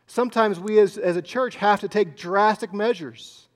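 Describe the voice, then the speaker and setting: A man preaching a sermon as pastor, swinging between loud emphasis and hushed, near-whispered asides. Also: high-pitched, moderate pace.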